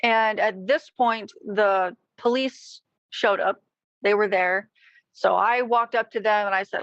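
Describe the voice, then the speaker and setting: A woman in an interview recounting a family tragedy in a slow, deliberate way. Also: mid-range voice, fairly even intonation, fairly bright tone, dry recording, lo-fi sound. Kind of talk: interview recollection.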